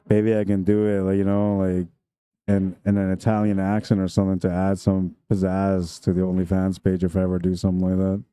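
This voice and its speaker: A man's voice: low voice, completely flat delivery, brisk, mellow, clean tone, no room sound. A man commentating a pool tournament live stream, chatty and jokey, laughing often between remarks.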